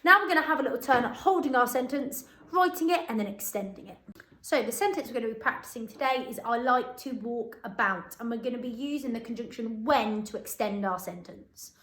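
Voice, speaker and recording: A woman teaching a phonics lesson to young children in an upbeat, encouraging way, slowly spelling words out letter by letter. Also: fairly high pitch, expressive, fairly bright tone. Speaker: primary school teacher. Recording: echoey room.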